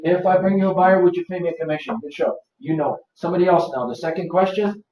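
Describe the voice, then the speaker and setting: A man's voice: high-pitched, fast talker, a little hiss or hum. A man presenting a live seminar workshop, quizzing the audience and repeating his points to drive them home. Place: office seminar room. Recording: roomy, distant, dull lo-fi.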